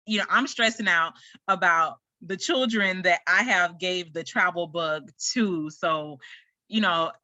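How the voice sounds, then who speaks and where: A woman's voice: on the low side, unhurried, no echo, muffled recording. A woman hosting her own podcast, talking casually and rambling through a story with lots of fillers. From United States. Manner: chatty, rambling, animated retelling with frequent fillers. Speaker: podcast host. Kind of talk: casual solo podcast chat.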